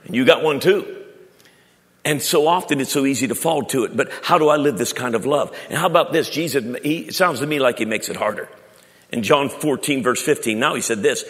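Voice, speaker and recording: A man preaching a sermon as pastor, animated, with stammered restarts and sudden loud climbs in pitch. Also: normal speed. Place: church auditorium. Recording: long reverb of a large hall.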